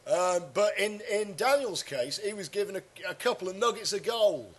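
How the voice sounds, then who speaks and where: Rambling, crude high-voiced male host. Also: animated, moderate pace, a bit bright. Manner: crude, rambling, many fillers. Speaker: comedy podcast host. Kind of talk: casual comedy chat.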